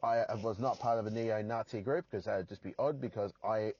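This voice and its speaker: A man's voice: on the low side, a little fast, darkish tone, slightly rough, dry recording, muffled recording. An Australian man hosting a solo podcast from his parked car, rambling and poking fun at himself with crude jokes. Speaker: podcast host.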